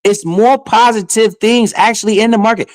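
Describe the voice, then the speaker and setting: A man, talking to his live chat in loose, slangy commentary. His voice sits a little high for a man and swings between calm and fired up. The sound is close and dry, with no room around it. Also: moderate pace, no room sound. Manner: animated, slangy, swearing, talks to chat. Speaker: crypto live streamer. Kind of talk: casual livestream commentary.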